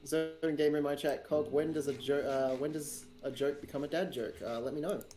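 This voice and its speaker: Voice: mid-range voice, fairly even intonation, normal speed, dark tone, faint music behind. An Australian streamer chatting casually while gaming, joking and laughing often.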